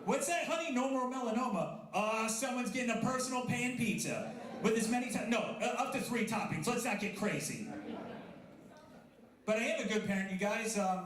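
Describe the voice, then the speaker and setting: A man in his thirties doing a chatty, self-deprecating stand-up comedy set, bantering with the crowd. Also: high voice. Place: coffee house stage with a live audience. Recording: echoey room with audible crowd.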